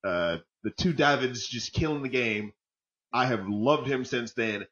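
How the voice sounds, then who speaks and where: A football-fan co-host talks a little slowly in a mid-range, slightly bright voice. His podcast chat is casual and jokey, full of swearing and rambling between points, captured in dull lo-fi audio.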